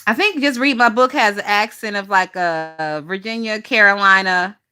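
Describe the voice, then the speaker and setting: A woman's voice: medium pitch, normal speed, bright, forceful tone, smooth. A woman hosting a casual gossip livestream, chatty and profane, laughing often and talking to her chat. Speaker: gossip channel host.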